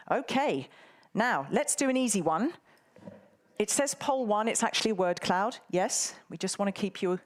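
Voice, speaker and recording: A woman moderating a live conference, bantering and teasing the audience in a playful way. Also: on the low side. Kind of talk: live event hosting.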